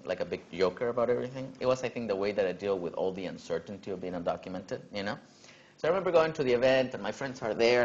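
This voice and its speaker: A young man tells his own story to a conference audience in a loose, conversational way. His voice sits low, and he leans into the quoted exchanges with lively energy. The recording has a somewhat muffled, dull quality. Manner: casual, animated when quoting others, frequent "you know". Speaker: keynote speaker. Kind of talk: personal storytelling talk.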